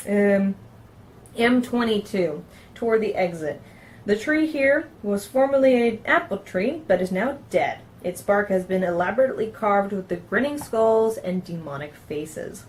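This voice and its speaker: A woman hosting a casual tabletop game review, reading passages aloud from the book and chatting about them, often tripping over words and correcting herself. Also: medium pitch.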